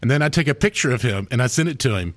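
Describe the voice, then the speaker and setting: A man's voice: mid-range voice, lively intonation, very fast. A man hosting a radio show who tells a story casually and animatedly, laughing and acting out other voices.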